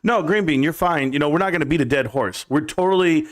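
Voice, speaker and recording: A man hosting a live stream, talking loudly and energetically as he addresses his viewers and callers. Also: on the high side, fast. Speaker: livestream host. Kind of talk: live-stream market talk.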